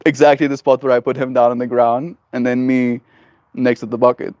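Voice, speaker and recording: A man streaming live from a porch, chatting with his viewers in a gentle, rambling way full of fillers. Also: medium pitch, flat delivery, brisk, dry recording. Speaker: livestreamer. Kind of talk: casual chat with viewers. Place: outdoors on a porch.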